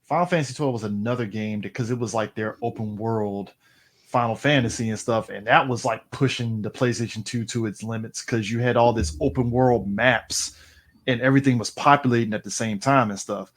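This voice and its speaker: A man's voice: mid-range voice, fairly quick. A man co-hosting a podcast in casual chat, telling rambling stories in a loose way. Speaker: podcast co-host.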